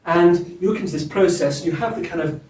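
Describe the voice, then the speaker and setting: A man giving an academic seminar talk, halting, with frequent restarts and fillers. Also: sits high, darkish tone. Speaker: lecturer at a symposium. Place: seminar room. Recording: roomy, distant mic, faint hiss.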